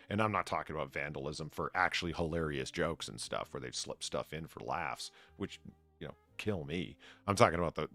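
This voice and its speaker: A man's voice: a bass voice, sharp tone. A man hosting a stream, chatting casually and rambling through asides. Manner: laughs often, reads mockingly, rambling asides. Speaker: stream host. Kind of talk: casual chat, reading aloud.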